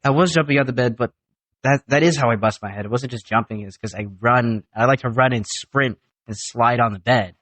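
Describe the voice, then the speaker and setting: A young man on a family podcast, telling an animated story and swearing casually. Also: mid-range voice, a little fast, no echo. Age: young adult. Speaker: guest, son.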